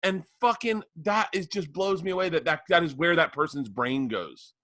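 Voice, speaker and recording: A man's voice: fairly high pitch, moderate pace, fairly bright tone, no room sound. A man co-hosting a podcast, telling stories in casual chat, emphatic and profane. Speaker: podcast co-host.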